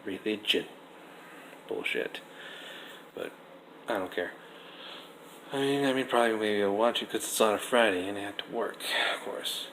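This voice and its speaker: A young man giving a casual, rambling wrestling review, restarting sentences often and getting animated. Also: on the low side, fairly quick, low-quality recording. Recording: faint background noise.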